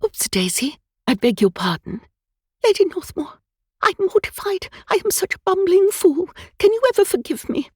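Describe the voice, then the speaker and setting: A woman's voice: very high voice, very animated, moderate pace, a little mellow, no room sound, studio quality, voice pushed up. A woman voicing a flustered, chattering elderly lady who gushes and apologizes. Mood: mortified. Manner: twittering, gushing, apologetic.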